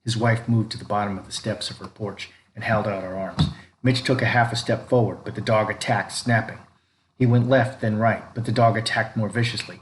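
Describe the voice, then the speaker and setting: Low-voiced man narrating a dark story. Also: steady tone, brisk. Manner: reads all characters, lifting pitch and volume for quoted lines. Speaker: audiobook narrator. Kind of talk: scripted narration. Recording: echoey room with faint background noise.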